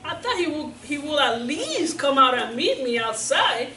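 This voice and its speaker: A woman preacher voicing a proud, angry foreign general who sulks and complains with high-pitched, exclamatory outbursts. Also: sing-song, normal speed, bright, forceful tone, slight background noise, exaggerated voice. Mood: indignant. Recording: roomy church sound from a distance.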